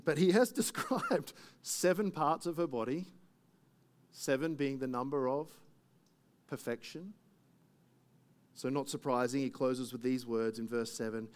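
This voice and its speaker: A man's voice: medium pitch, unhurried, long pauses. A man preaching a sermon in a conversational way, full of asides and rhetorical questions. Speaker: pastor.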